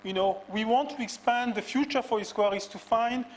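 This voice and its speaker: A man giving a measured farewell speech as an outgoing executive, pausing often with fillers. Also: extremely high pitch, a little hiss or hum, rough recording. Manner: measured, halting, with many fillers. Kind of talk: formal speech.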